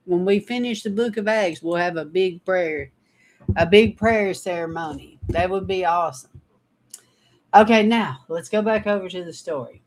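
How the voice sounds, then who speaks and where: In her livestream Bible study, a woman with a lowish voice speaks at normal speed, reading scripture and retelling stories in a chatty manner. She laughs often as she goes.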